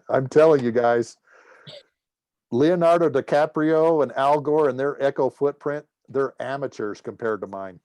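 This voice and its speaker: Speaking slowly with long pauses, this middle-aged man has a medium-pitched voice recorded without echo. He's a former air force officer delivering a guest talk, full of humorous anecdotes where he performs the dialogue of the people involved. Lively and joking, he brings each story to life.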